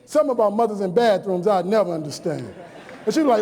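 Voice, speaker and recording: A high-pitched man in his forties from New Orleans gives a motivational speech to college students. He tells personal stories and repeats key lines for emphasis. His voice rings out with a long echo through a large hall. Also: lively intonation, fast talker, darkish tone. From New Orleans, USA. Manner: storytelling with emphatic repetition. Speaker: motivational speaker.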